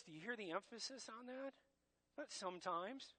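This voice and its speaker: A man's voice: sits high, expressive, moderate pace, pushed and bright. A man preaching a sermon as pastor, emphatic and direct, addressing his congregation as church.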